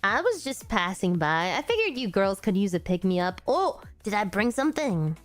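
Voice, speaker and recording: A woman's voice: mid-range voice, sing-song, moderate pace, soft background music. A woman streamer reading a game story aloud, voicing every character herself and breaking off to laugh at her own attempts.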